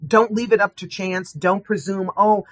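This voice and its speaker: A woman who trains professionals, giving earnest, measured advice as a guest in an interview. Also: mid-range voice, fairly even intonation.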